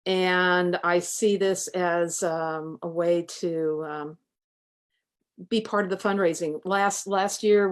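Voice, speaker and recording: A middle-aged woman, a veterinarian, answering interview questions in a hesitant way and thinking aloud with fillers. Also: lowish voice.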